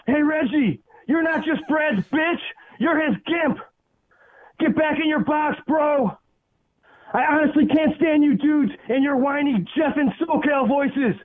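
A man's voice: very high voice, measured pace, narrow, tinny audio. A man calling in to a radio show, delivering a mocking comedic roast. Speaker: caller. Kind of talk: comedic rant call with singing.

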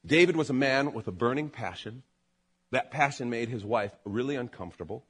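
A man preaching a sermon as pastor, animated, building to loud emphatic peaks and then dropping low. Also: brisk.

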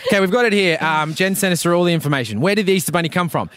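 Aussie guy cohosting a comedy pod, kinda high voice, giggles reading his notes. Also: animated, very fast, a bit bright. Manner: laughs often while reading out notes. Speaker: podcast co-host. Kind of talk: casual comedic chat.

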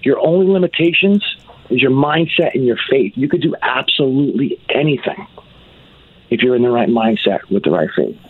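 A man's voice: mid-range voice, animated, moderate pace, husky. Man on a tinny phone line. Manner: earnest, motivational testimony. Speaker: guest. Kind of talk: talk radio interview. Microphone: phone call.

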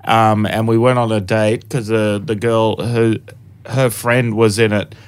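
A man's voice: on the low side, level tone, unhurried, smooth. A man co-hosting a comedy podcast, telling crude stories with frequent laughter and acted-out reactions. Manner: crude, laughs often, acts out his own past reactions. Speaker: podcast co-host. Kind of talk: casual banter.

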